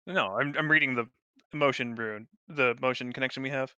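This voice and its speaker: Blunt bright-voiced man at the game table. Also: mid-range voice, a little fast, clean tone, no room sound, highs cut off. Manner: blunt, swears freely. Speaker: player. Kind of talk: casual tabletop chat.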